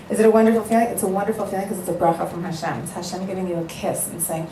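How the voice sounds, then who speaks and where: A woman matchmaker giving a heartfelt talk to an audience, telling stories and acting out both sides of conversations in an animated way. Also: mid-range voice, fast. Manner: earnest, animated storytelling, acting out both sides of phone calls. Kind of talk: speech to an audience. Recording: echoey room, voice a bit far from the mic, faint background noise.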